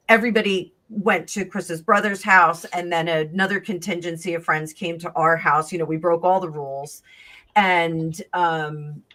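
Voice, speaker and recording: A woman telling a long personal story in casual chat, rambling and animated, acting out the voices of the people in it. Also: fairly low pitch. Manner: rambling, animated, acts out quoted dialogue. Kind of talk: casual storytelling on a live stream.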